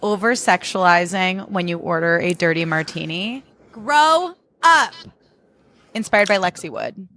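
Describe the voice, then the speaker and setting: A woman's voice: fairly low pitch, moderate pace, few pauses, fairly bright tone, dry recording. A woman hosting a podcast in casual chat, blunt and sarcastic, swearing freely. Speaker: podcast host.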